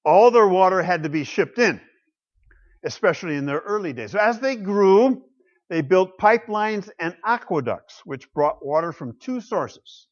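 A man's voice: high voice, animated, moderate pace. Emphatic preacher man, lo-fi sound. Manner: emphatic, swinging between loud declarations and quiet asides. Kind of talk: sermon. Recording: dull lo-fi sound.

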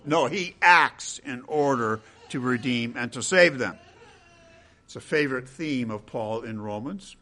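A man preaching an expository sermon, slow and emphatic, rising to loud stresses and dropping to quiet ends. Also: medium pitch.

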